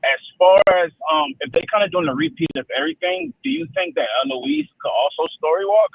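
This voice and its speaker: A man's voice: sits high, wildly swooping pitch, brisk, dry recording. A man calling in to a livestream show, polite and hesitant as he asks questions. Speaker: caller. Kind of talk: call-in question. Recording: gravelly phone line.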